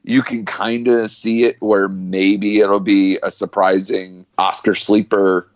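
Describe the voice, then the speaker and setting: A man's voice: on the low side, little pitch movement, slow, no echo, lo-fi sound. A man chatting casually as a podcast guest, rambling and full of fillers.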